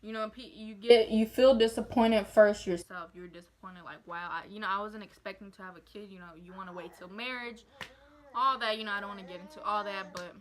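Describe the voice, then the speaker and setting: A woman's voice: mid-range voice, fairly even intonation, fast, crowd noise. A young woman, a new mother, telling a casual, heartfelt story time to her viewers and rambling with lots of fillers. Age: young adult.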